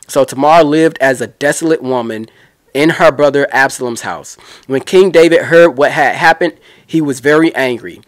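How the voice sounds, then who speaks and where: A man's voice: mid-range voice, normal speed, dry recording, clean studio sound. A man giving a casual Bible teaching, retelling scripture in a chatty, slangy way with asides.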